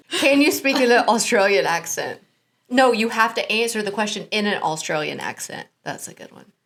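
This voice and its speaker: A woman interviews her friend in a relaxed podcast chat, teasing and playful, often breaking into laughter. Her voice sits at an ordinary middle pitch. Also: normal speed. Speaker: guest interviewer. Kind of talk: casual chat.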